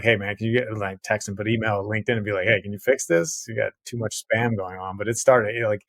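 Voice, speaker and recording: A man's voice: mid-range voice, fairly bright tone, dry recording. A man hosting an interview podcast, easygoing and affirming, calling his guest "man" and "dude". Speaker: podcast host. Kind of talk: casual interview talk.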